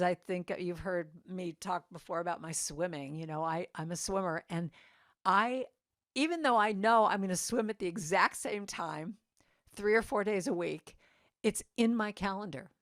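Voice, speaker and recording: A woman's voice: medium pitch, dry recording, clean studio sound. Woman musician telling personal stories. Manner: conversational, acts out quoted dialogue. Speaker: musician and singer-songwriter speaking to a congregation. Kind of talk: personal storytelling talk. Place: church service.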